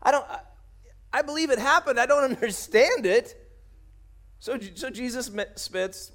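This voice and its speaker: Male pastor, high voice, wide swings in pitch, acts out the characters' lines, jokey sermon delivery. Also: a bit bright. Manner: jokey, laughs at his own jokes.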